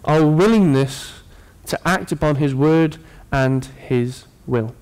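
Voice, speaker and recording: A man preaching a sermon to his congregation, earnest and warm in tone, with playful asides to the people in front of him. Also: a little high, takes it slowly, clean tone.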